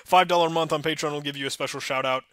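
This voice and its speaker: A man hosting a casual screen-recorded coding tutorial, talking in a relaxed, self-deprecating way into a desk microphone at home. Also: fairly high pitch, very fast, clean tone, no room sound, clean studio sound. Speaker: tutorial host.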